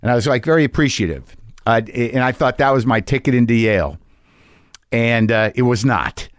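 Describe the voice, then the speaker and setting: A man's voice: mid-range voice, no room sound. Man reading poetry aloud, dry close sound. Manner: conversational with fillers, reads verse slowly and expressively. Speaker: poetry reader.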